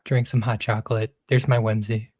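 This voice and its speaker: A man's voice: fairly low pitch, level tone, normal speed, darkish tone, dry recording. A man hosting a podcast, making dry, laid-back quips and steering the chat. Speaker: podcast host. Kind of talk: casual chat.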